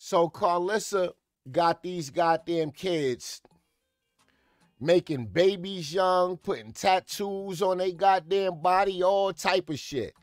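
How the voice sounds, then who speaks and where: A man giving profane comedic reaction commentary, ranting and breaking into sudden shouted outbursts. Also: sits high, takes it slowly, dry recording, studio quality, faint music behind.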